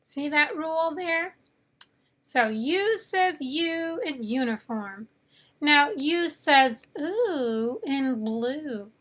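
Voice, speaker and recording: A woman teaching phonics with a high, clear voice. She drills each sound very slowly and deliberately, pausing so the learner can repeat. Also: a bit bright. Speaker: English teacher. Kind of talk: phonics lesson.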